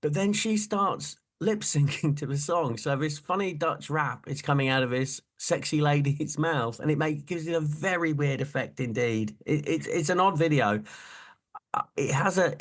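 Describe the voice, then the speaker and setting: A middle-aged man co-hosting a casual chat, animated and jokey, often breaking into laughter. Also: on the high side, normal speed. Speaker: podcast co-host.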